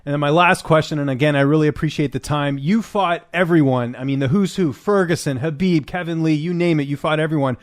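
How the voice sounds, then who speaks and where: A man interviewing a fighter, asking quick friendly questions. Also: a little high.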